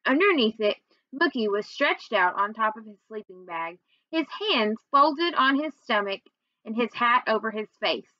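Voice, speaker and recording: A woman teacher reading a children's novel aloud, pausing on fillers as she recaps and then reading on evenly. Her voice is fairly high. The recording is dry and a little dull. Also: lively intonation, no echo. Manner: recaps with many fillers, then reads steadily.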